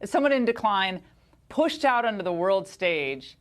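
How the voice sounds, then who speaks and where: A woman's voice: mid-range voice, very animated, a little slow. A woman hosting a TV commentary show, blunt and emphatic. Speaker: TV show host. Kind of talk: opinionated TV commentary.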